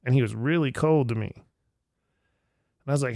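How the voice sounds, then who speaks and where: In a casual chat with a friend in an indoor room, a middle-aged man, likely a podcast host or guest, recounts his past travels. His mid-range voice moves at a moderate pace, studio quality with no echo. He animatedly performs quoted voices and leans heavily on "like."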